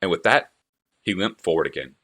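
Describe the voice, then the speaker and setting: A man reading an audiobook with expressive, animated storytelling. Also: low voice, a little fast. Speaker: narrator.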